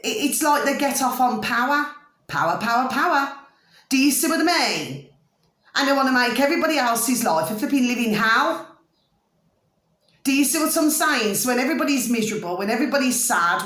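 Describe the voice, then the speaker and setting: Middle-aged woman, rambling home vlogger, slightly high voice, echoey room. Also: fairly bright tone. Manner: rambling, repeatedly asks "do you see what I mean". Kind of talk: casual monologue to camera.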